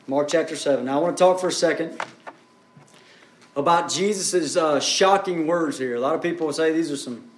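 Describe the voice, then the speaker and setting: A man's voice: a little high, brisk, roomy sound, a little hiss or hum. A man preaching a sermon as pastor, building up and easing off in intensity. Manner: preaching with rising and falling intensity.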